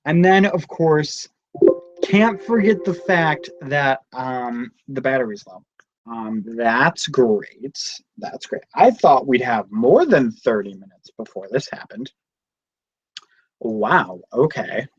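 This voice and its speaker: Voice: medium pitch, lively intonation, slow pace, slightly rough, no room sound, dull audio. A young adult host chatting casually on a live stream at home, telling rambling stories in a chatty way. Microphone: device camera mic close up.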